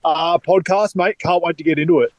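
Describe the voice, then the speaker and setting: An Australian man co-hosts a podcast, excitable and fast, swearing freely. His voice sits a little high, recorded dry and close. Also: no room sound, muffled recording. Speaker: podcast co-host, fantasy analyst. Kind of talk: casual podcast chat.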